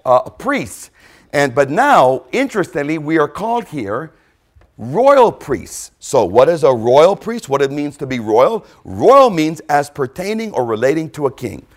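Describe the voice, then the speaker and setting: A man preaching a sermon, emphatic, repeating key phrases and dropping to a quiet stress on points. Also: a little high.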